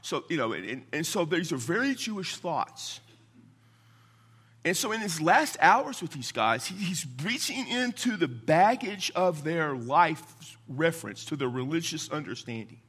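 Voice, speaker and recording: A man's voice: fairly high pitch, measured pace, breathy edge. A man preaching a sermon as a Baptist pastor, teaching from scripture in an emphatic, conversational way with the odd chuckle. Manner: emphatic, animated, chuckles between points.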